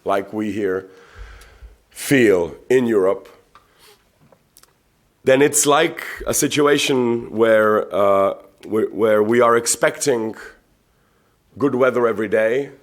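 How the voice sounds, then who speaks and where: A man's voice: on the low side, takes it slowly, pauses often. A man from the Czech Republic giving a conference talk, conversational, asking rhetorical questions and repeating words as he searches for them. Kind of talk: public talk. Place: conference venue.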